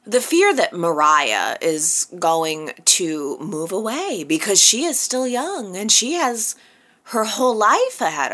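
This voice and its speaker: A woman's voice: fairly low pitch, sharp tone. A woman hosting a soap opera recap, chatting casually and playfully, often laughing at her own jokes. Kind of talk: casual chat.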